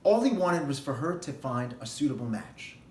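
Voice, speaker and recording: A man who, as a rabbi, gives a holiday sermon and tells a parable in an animated storytelling way. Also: medium pitch, moderate pace, roomy sound, slight background noise.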